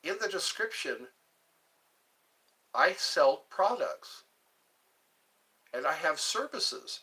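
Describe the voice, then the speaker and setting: Slow, lively, bright-voiced male streamer. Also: on the high side. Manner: rambling, chatting with viewers. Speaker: livestream host. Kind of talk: casual livestream chat.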